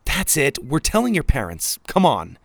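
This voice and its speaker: A man's voice: on the high side, wildly swooping pitch, moderate pace, vocal fry, dry recording, voice pushed up, exaggerated voice. A man doing a bold, insistent young girl. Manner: urgent, insistent pleading.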